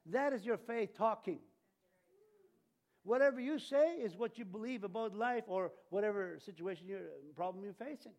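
An older man delivers a sermon with a high voice. He is animated and laughs often, and he acts out the voices he quotes. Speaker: preacher.

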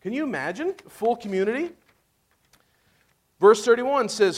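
Joking, high-voiced male preacher. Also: expressive, measured pace, long pauses, husky. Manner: casual, joking storyteller asking "amen?". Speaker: pastor. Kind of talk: sermon.

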